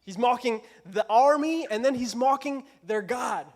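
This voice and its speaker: High-voiced young preacher, joking and casual. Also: male voice, unhurried. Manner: casual, joking, self-deprecating. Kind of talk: casual youth sermon. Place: church.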